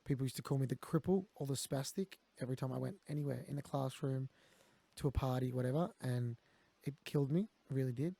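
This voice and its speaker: A man's voice: mid-range voice, fairly quick, creaky, dark tone, slightly rough, no room sound. An Australian man telling candid stories as a guest in a conversation, blunt and peppered with swearing. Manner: blunt, swears, quotes others.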